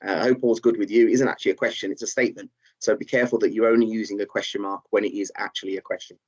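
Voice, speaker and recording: The man tutoring this live online session talks very fast in a fairly low, fairly even voice. He reads students' chat answers out loud, encourages them, and uses many fillers, all on slightly dull, muffled audio.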